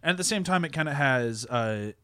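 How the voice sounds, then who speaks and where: A man's voice: mid-range voice, lively intonation, bright, forceful tone, clear, resonant tone, no echo. A man giving opinionated takes in a casual podcast film discussion, peppered with "like". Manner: fast, opinionated, lots of "like".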